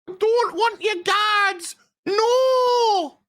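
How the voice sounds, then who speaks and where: A man putting on a mocking falsetto voice as a whiny, pleading queen. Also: drawn-out words, a bit bright, full character voice.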